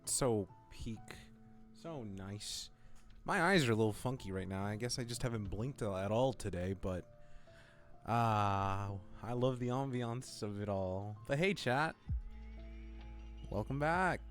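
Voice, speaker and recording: A man's voice: on the low side, animated, unhurried, soft background music. A young man casually chatting with his stream viewers, rambling and playful. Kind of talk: casual live-stream chat.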